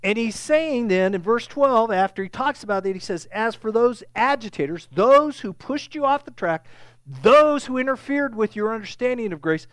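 This male pastor's voice sits high, with no room sound in the recording. He teaches his sermon conversationally, regularly asking "okay?", and gets louder and more emphatic whenever he drives a point home.

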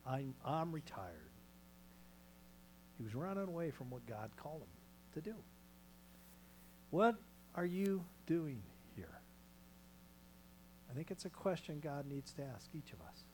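A male pastor preaching a sermon in a small church, moving between loud calls and hushed near-whispers. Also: medium pitch, expressive, moderate pace, slight background noise, poor audio.

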